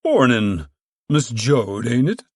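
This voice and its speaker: A man reading aloud and voicing a big, powerful woman who chairs a camp committee, booming, formal and proud. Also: expressive, moderate pace, a little mellow, no room sound, clean studio sound.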